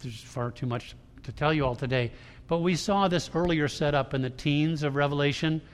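A male pastor preaching to a congregation in a large church room, his somewhat high voice ringing out in long hall reverb. He is emphatic, dropping to a hush and then rising loud. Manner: emphatic preaching, swinging between hushed and loud. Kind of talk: sermon.

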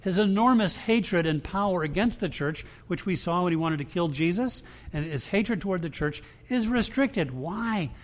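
A pastor's high-pitched, expressive voice moves at normal speed with few pauses as he preaches conversationally to his congregation. He frequently restarts and gives quoted lines real emphasis, echoing in a long hall reverb.

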